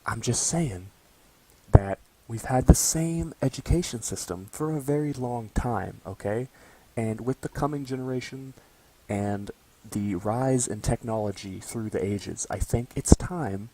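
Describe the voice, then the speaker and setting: A college student vlogger in his young adult years rants casually to camera, his mid-range voice warm in tone and a little slow. Profanity comes often, and he tends to tack "okay?" onto his lines.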